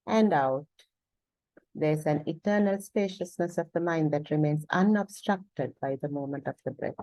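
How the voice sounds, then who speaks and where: A woman guides a meditation lesson, leaving long deliberate pauses between her words. Her voice is mellow and low-set, and the recording is close and dry. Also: dry recording, poor audio. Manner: slow, pausing deliberately, with soft fillers and self-corrections. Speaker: meditation teacher.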